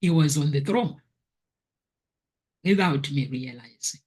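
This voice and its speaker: A woman's voice: deep voice, lively intonation, takes it slowly, a little mellow, breathy edge. A woman vlogger giving a personal spiritual testimony in an earnest, preachy manner, often repeating phrases for emphasis. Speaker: motivational vlogger.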